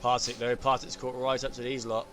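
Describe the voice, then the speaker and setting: A man commentating on an online sim race, getting excited at crashes and overtakes. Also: mid-range voice, a little fast, slight background noise. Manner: excitable, rising sharply at incidents.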